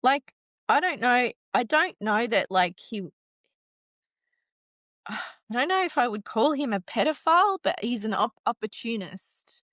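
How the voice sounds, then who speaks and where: A woman recounting a painful personal story in an interview, halting and restarting, with nervous laughs. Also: on the high side, sing-song, fairly bright tone, dry recording. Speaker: guest telling her story.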